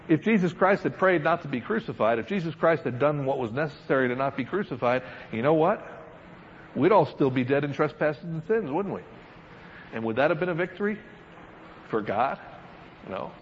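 A man preaching a Bible study in a middle, ordinary pitch, reading verses and then breaking into animated comments with frequent chuckles. The recording sounds dull and lo-fi, with faint noise behind him. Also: a little fast. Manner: lively, laughing asides, reads scripture then comments.

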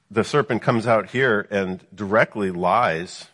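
Brief: male preacher, lowish husky voice, Bible teaching full of rhetorical questions, long hall reverb. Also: slow pace, a bit bright. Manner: reads scripture then explains it, with frequent rhetorical "right?" questions.

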